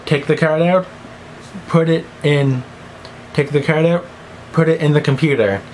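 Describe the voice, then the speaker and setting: A man's voice: a little high, fairly even intonation, measured pace, darkish tone, slight background noise, poor audio. A teenage boy rambling goofily in a one-take vlog monologue, jumping between silly voices and mumbled asides. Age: teens. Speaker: vlogger.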